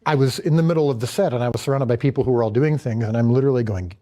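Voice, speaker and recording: The director of a series tells a candid story in a panel conversation, acting out his own reactions. He speaks very fast in a warm, medium-pitched voice.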